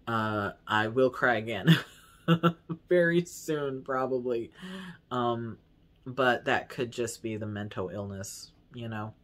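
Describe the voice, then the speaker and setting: A man's voice: medium pitch, slow, a bit bright. A man talking casually to his camera in a vlog, candid and self-mocking, swearing freely and rambling with lots of likes and small laughs. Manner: laughs easily at himself. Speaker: vlogger.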